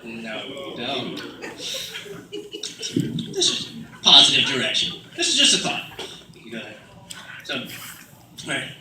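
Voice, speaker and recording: A man's voice: mid-range voice, wildly swooping pitch, unhurried, long pauses, bright, forceful tone, a little hiss or hum. A man doing a rambling stand-up comedy set, full of fillers and asides. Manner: rambling, many fillers, slips into put-on British accents. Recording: roomy sound from a distant mic, faint ambience.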